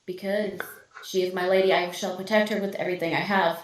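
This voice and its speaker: A woman's voice: lowish voice, steady tone, a little fast, echoey room, distant mic, low-quality recording. A woman playing a tabletop game, speaking earnestly and formally in character. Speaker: player.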